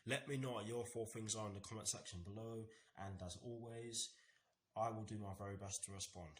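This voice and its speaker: Young man, fan vlog host, lowish pitch, earnest, repetitive, stammers now and then. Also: steady tone, fairly quick, slight background noise. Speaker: football fan channel host. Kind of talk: match preview vlog.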